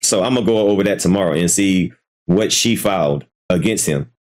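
A man's voice: low-pitched, brisk, darkish tone. A man hosting a casual live commentary stream, hesitant and repeating himself, swearing freely as he reacts. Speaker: commentary channel host.

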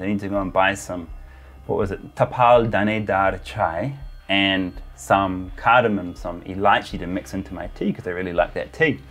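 A man's voice: on the low side, a bit bright. A man telling a travel story in a casual, chatty way, full of filler words. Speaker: travel vlogger.

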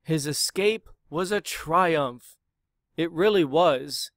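A man reads a rhyming children's picture book aloud with a lot of expression. His delivery is very slow and unhurried, and his voice sits a little high. The recording is dry and close to the mic. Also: no echo. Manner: expressive, dramatic read-aloud. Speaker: storyteller.

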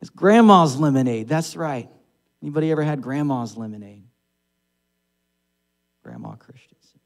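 A man's voice: on the high side, expressive, moderate pace. Conversational male preacher. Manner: conversational, asks the congregation rhetorical questions. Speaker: pastor. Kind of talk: sermon. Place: church sanctuary.

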